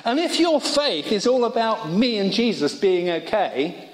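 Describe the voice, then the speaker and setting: A man's voice: high-pitched, sing-song, unhurried. A man preaching a sermon in a college worship service, talking in a conversational way with humorous asides. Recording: long reverb of a hall.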